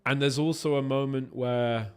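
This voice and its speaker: A man's voice: mid-range voice, fairly even intonation, normal speed, smooth. A man, a voice actor, chatting casually with his stream viewers while playing a game, swearing freely as he answers their questions.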